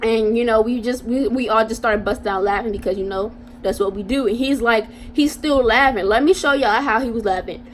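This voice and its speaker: A young woman spins a casual storytime for her viewers, full of slang and animated asides. Her voice sits a little high. A faint hiss runs under the recording. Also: a little fast, hardly any pauses. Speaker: vlogger.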